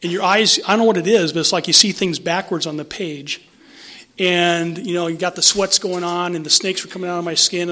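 A man's voice: fairly high pitch, pushed and bright. A middle-aged man frankly telling his own story in conversation, emphatic and swearing freely. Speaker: guest sharing recovery story. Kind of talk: personal storytelling in an interview.

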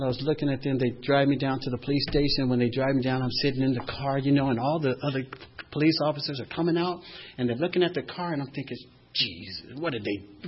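A man telling a personal story, animated and swinging from loud to hushed. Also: medium pitch, lo-fi sound.

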